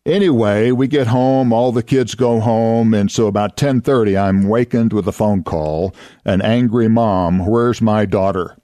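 A man's voice: fairly low pitch, a little slow, dark tone, no room sound, clean studio sound. An older man from Oklahoma, a radio host and former youth minister telling folksy anecdotes, chuckling and acting out voices. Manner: chuckling, acts out voices in his stories.

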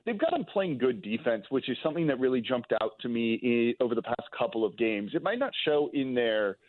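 A man calling in as a team analyst on sports talk radio, giving steady, detailed analysis. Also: medium pitch, a little fast, no room sound. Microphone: phone call. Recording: tinny phone line.

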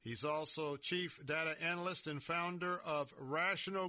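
A man's voice: fairly high pitch, normal speed, few pauses, bright, forceful tone, dry recording. A man hosting a conservative talk radio show from a studio, speaking emphatically and sounding worked up. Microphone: studio microphone.

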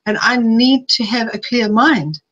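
A middle-aged woman giving a live webinar talk, chatty and personal, sometimes piling up quick lists. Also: a little high, fairly bright tone, dull audio. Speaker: webinar presenter. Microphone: streaming live.

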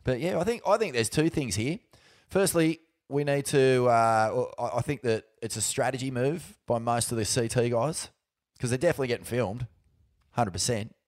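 A man's voice: medium pitch, moderate pace. An Australian man co-hosting a podcast in casual chat, laid-back, with fillers, restarts and swearing. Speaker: podcast co-host.

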